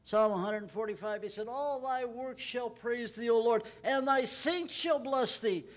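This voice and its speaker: A man preaching at a Bible study in a church, emphatic and rising in pitch when he quotes scripture. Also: a little slow. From Texas. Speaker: pastor.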